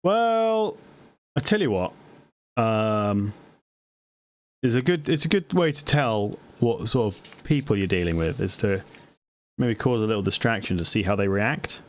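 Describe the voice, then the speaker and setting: A man's voice: fairly low pitch, animated, moderate pace. A man playing a tabletop game, talking in a rambling, playful way with many restarts. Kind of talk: casual tabletop game chat.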